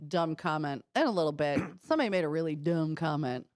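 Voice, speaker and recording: A woman's voice: deep voice, animated, fast, dry recording, clean studio sound. A woman with a Midwestern American accent co-hosting a morning radio show, chatting animatedly and telling stories with laughs. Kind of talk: casual morning radio chat. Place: radio studio.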